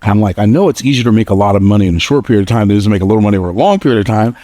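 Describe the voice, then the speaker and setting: A man's voice: rapid-fire, no room sound, clean studio sound. A man giving a motivational speech to a live audience, telling stories with energy and jokes, and repeating phrases for emphasis. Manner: storytelling, energetic, slips into a high squeaky voice for quotes; plain-spoken and joking, repeats phrases for emphasis. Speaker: motivational speaker.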